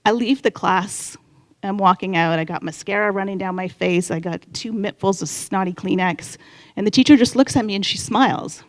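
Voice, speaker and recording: On stage at a live event, a woman in her fifties with a mid-range voice shares a candid personal story. She's chatty and acts out her own inner voice.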